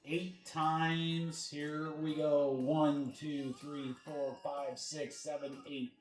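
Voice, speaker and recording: Chatty high-voiced man hosting a card break. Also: little pitch movement. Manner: chatty, calls out names and teams quickly. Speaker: sports card break host. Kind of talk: casual livestream chat. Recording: echoey room with faint music. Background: faint background music.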